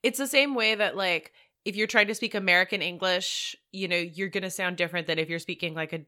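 Co-host: woman, casual chat, bright crisp voice, thoughtful, lots of "like" fillers. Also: lowish voice, fairly quick. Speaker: podcast co-host.

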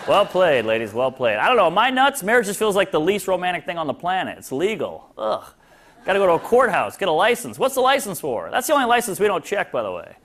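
A man's voice: fairly high pitch, big pitch swings, normal speed. A man in his thirties doing a stand-up set, wry and sarcastic, mimicking people he mocks. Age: 30s. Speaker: stand-up comedian. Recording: live club with loud crowd and noise. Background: audience laughter.

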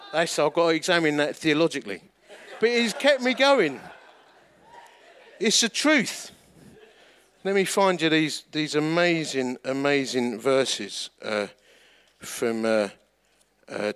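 A man's voice: fairly high pitch, fairly bright tone. A middle-aged male pastor, preaching in a chatty storytelling way that pokes fun at himself and acts out the voices of people in his stories. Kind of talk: storytelling sermon.

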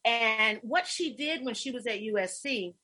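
A middle-aged woman hosting a casual interview, telling stories with warmth and getting emotional, her voice husky. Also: a little high, expressive, unhurried. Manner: effusive, storytelling, emotional. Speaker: host.

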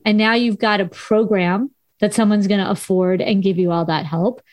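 A woman's voice: medium pitch, steady tone, moderate pace, no room sound. Dry-voiced Southern Californian woman. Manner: frank, teacherly, pushes back with firm explanations. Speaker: podcast co-host, former high school English teacher. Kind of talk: casual chat.

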